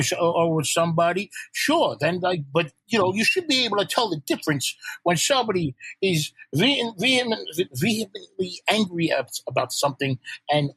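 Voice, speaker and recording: An older man from New York in a casual podcast chat, animated and swearing freely as he jokes around. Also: fairly high pitch, husky, no echo, rough recording. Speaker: guest, punk band frontman.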